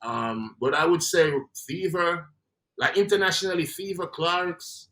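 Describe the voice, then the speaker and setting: A man's voice: a little high, expressive, measured pace, bright, forceful tone. A man with a Jamaican accent, a guest in a casual interview, talking in a laid-back way and trailing off between phrases.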